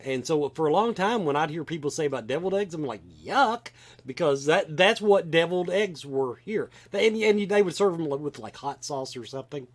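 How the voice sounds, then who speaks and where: A man's voice: a little high, a little fast, hardly any pauses. Southern kentucky guy hosting a chat show, voice bounces all over, lots of restarts. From Kentucky, USA. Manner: animated, rambling with many restarts. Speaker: podcast host. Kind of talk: casual chat.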